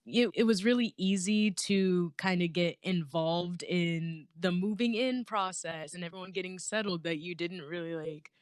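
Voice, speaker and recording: A woman's voice: fairly low pitch, moderate pace, few pauses, clean tone, dry recording, clean studio sound. A young woman co-hosting a casual podcast, upbeat and full of fillers. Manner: upbeat, laughing, filler-heavy. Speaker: podcast co-host.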